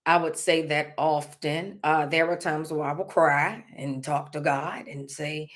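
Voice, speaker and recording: A woman's voice: low-pitched, slow, hardly any pauses. Candid woman talking to her vlog. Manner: candid, rambling, with laughs and many fillers. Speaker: vlogger. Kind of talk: casual heartfelt vlog talk.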